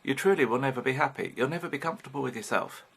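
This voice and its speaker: British bloke in his 50s, gravelly and a bit sharp sounding, rambling frank vlog chat. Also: mid-range voice, lively intonation, rapid-fire. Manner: frank, rambling, swears casually. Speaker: vlogger. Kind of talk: candid personal vlog monologue.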